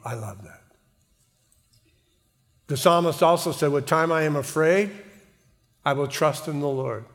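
A man's voice: a little high, measured pace, long pauses. A man preaching a sermon in an earnest way, repeating words as he goes and calling out to the congregation for an amen. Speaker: pastor. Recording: long hall reverb.

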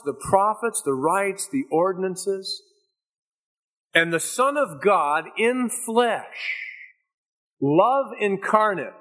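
Male preacher, higher voice, emphatic and dramatic sermon delivery. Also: a bit bright.

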